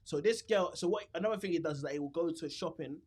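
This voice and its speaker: A man, a comedian guest on a podcast, talking casually in an animated, rambling way and laughing often. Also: a little high, fast, breathy edge. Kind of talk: casual chat. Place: podcast studio.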